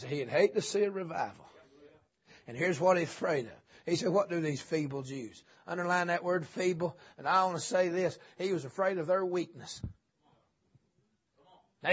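Husky, high-voiced man preaching a revival sermon in a church. He jokes in low folksy asides and then climbs into shouting. The recording is dull and lo-fi. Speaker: visiting preacher. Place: church sanctuary.

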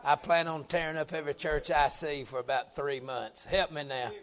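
A middle-aged man preaching a folksy revival sermon, joking with the congregation and swelling into loud emphatic bursts. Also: a little high, steady tone, moderate pace, crowd noise.

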